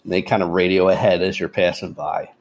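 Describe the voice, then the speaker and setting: A man running a tabletop role-playing game as game master, narrating in a relaxed way with frequent pauses and chuckles. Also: sits low. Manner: relaxed, chuckling, hesitant fillers.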